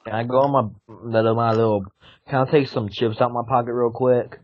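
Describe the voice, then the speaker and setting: A man's voice: medium pitch, a little fast, muffled recording, lightly acted. A man voicing a dim-witted, hungry redneck man with a put-on Southern drawl, whining and pleading. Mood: whiny. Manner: lively, whiny pleading.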